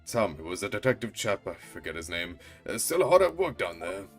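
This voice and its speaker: A man's voice: sits low, very animated, a little fast, faint music behind, voice pushed down. A man voicing a fussy, indignant middle-aged landlord in a put-on British accent with old-fashioned phrasing. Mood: genteel.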